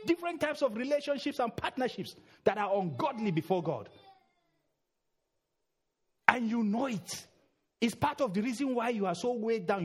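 A middle-aged man preaching a sermon in a church, urging loudly, then dropping low. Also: husky. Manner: emphatic, swings between loud urging and low murmurs.

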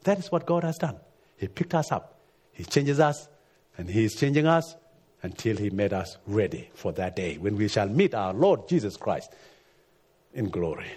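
Guy preaching, kinda husky, earnest, voice jumps up then drops way down. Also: big pitch swings, normal speed, a little mellow. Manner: earnest, rising to emphatic peaks then dropping low. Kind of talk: sermon.

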